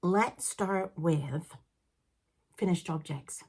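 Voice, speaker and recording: Speaking very slowly in a fairly low voice, this Liverpool-born woman in her fifties hosts a knitting podcast. Decades in Canada have softened her Liverpool English. She chats and rambles casually, laughing and breaking into excited asides.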